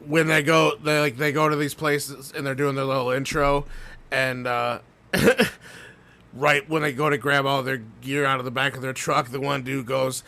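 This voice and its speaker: A man's voice: medium pitch, fairly even intonation, normal speed, creaky, sharp tone. A man co-hosting a podcast, rambling through a story, swearing often and laughing as he goes. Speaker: podcast co-host. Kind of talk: casual profane chat.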